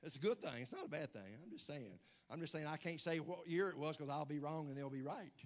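A man preaching a sermon as pastor, swinging from low asides to hollered, repeated lines. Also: expressive, fast talker. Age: middle-aged or older. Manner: building to shouted, hollering preaching with stammered repeats.

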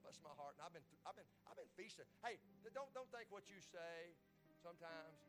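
A man preaching a sermon in an animated, repetitive style that builds to exclamations. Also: a little high, brisk, over music.

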